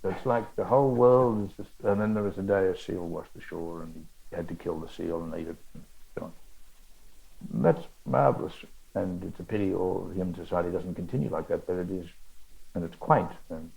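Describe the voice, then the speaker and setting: An older Australian man, an author in conversation at a bookshop event, telling rambling anecdotes with halting restarts. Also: deep voice, creaky, a little mellow, poor audio. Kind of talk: onstage literary conversation.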